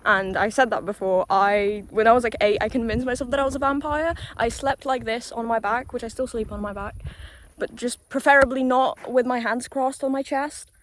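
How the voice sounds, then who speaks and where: A young woman from Poland, a native Polish speaker with British-tinged English, rambles casually and swears as she walks along a quiet rural road, holding her phone. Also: fairly high pitch, fairly even intonation, moderate pace, a little hiss or hum. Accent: British-tinged English with a Polish background. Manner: chatty, loose and sweary, with frequent "like" fillers. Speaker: vlogger. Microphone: handheld phone while walking.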